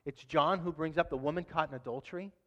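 Male pastor, conversational and humorous sermon delivery, slightly higher voice, long hall reverb. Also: quick pace, lo-fi sound. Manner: conversational, humorous, animated asides.

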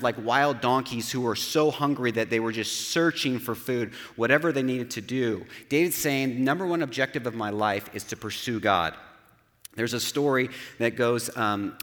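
A man's voice: on the low side, fairly bright tone, in a large hall. A man preaching a sermon in an earnest, conversational way, with rhetorical asides to his listeners. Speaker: pastor.

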